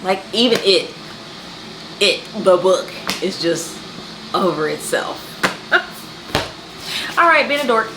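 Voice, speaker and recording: A woman's voice: medium pitch, very animated, takes it slowly, pauses often, noisy background. A woman hosting a book vlog, chatting casually to camera with playful, exasperated humor and frequent laughter. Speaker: book vlogger host.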